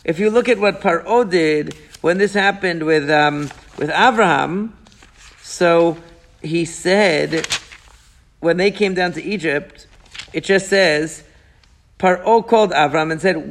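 A man leads a lively Torah study, animated and questioning as he walks his students through the text. His voice sits high and carries a gravelly rasp. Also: moderate pace. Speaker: Torah teacher. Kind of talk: Torah class discussion.

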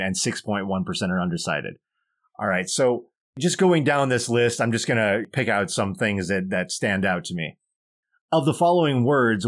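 A man's voice: on the low side, a bit bright. A man co-hosting a podcast, reading poll results aloud with dry, wry asides in casual chat. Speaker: podcast co-host.

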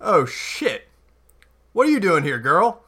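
A man's voice: sits high, huge pitch swings, slow pace, very noisy, voice pushed up, full character voice. A man doing a curt, dismissive street tough. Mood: surprised. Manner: curt and warning.

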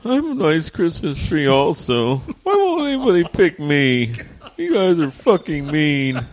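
A man's voice: on the high side, very animated, unhurried, voice pushed up. A man voicing a whiny rejected Christmas tree. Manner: whiny then cursing. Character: sulky unwanted male Christmas tree, bitter.

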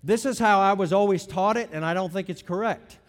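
A middle-aged man with a high voice preaches through a teaching sermon. He leans hard on key words, then drops to softer asides, and his voice rings with the long reverb of a big hall. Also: fairly quick. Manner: emphatic, swings between loud stresses and quiet asides. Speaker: pastor.

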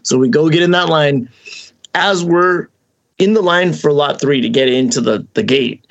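A man hosting a podcast, telling a long story in casual chat, rambling and animated, acting out the voices of the people he quotes. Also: fairly high pitch, moderate pace, gravelly, muffled recording. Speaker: podcast host.

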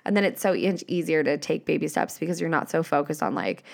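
A woman's voice: deep voice, fast talker, vocal fry, hardly any pauses. A woman hosting a motivational solo podcast, talking casually with lots of swearing and "like" fillers. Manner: swearing, gushing, uses many "like" fillers. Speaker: podcast host.

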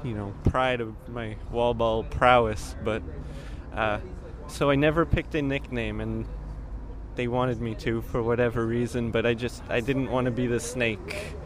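A man's voice: mid-range voice, steady tone, a little slow. A man in a band, talking offhand and joking in a casual interview outside on a street. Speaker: band member. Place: outdoors on a city street outside a club. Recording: crowd chatter around the mic.

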